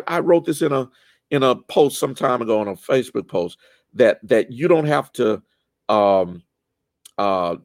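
A man leading a church Bible study, animated and lively, often rising in pitch and restarting his sentences. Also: no echo.

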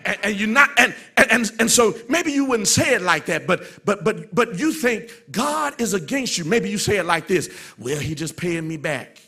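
A man preaching a sermon as pastor, swinging from soft, low passages to loud, shouted refrains. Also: expressive, normal speed, hardly any pauses, husky.

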